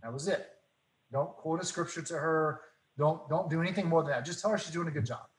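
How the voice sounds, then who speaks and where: A man telling faith stories in casual talk, earnest and animated, acting out the dialogue. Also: a little high, brisk, echoey room, low-quality recording. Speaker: guest.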